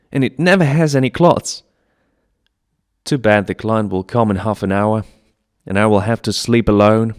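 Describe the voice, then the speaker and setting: A man's voice: mid-range voice, darkish tone. A man performing a one-man stage monologue, telling it in a plaintive, childlike way. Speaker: solo stage actor. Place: theatre stage.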